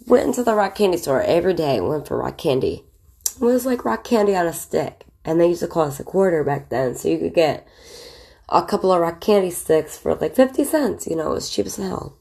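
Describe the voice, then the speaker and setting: A woman's voice: fairly low pitch, big pitch swings, a little fast, gravelly, warm tone. A woman in her thirties casually telling childhood stories, chatty and candid, with lots of fillers. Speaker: vlogger. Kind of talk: casual storytelling, recalling childhood.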